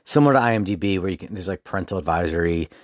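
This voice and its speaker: A man with a very low, deep voice hosts a casual solo podcast. He talks in a candid, loose and conversational way, and the sound is close and dry with no room echo. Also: expressive, racing. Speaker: podcast host.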